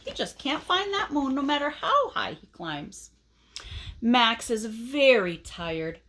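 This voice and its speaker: A woman reads a picture book aloud to children, using a raised pitch with very lively rises and falls. She takes the story slowly and stops now and then to ask her listeners questions. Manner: expressive, asks the listeners questions.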